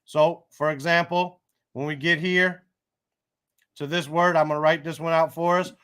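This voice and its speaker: A man's voice: on the high side, flat delivery, fairly bright tone, clear, resonant tone. A man teaching an Arabic reading lesson one-on-one in a patient, encouraging way. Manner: patient, encouraging, slow and careful.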